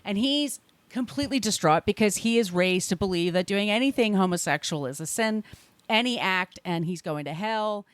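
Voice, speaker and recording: A woman co-hosting a podcast, retelling a film scene in a casual, animated way and acting out the lines. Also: medium pitch, normal speed, no room sound. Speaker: podcast co-host.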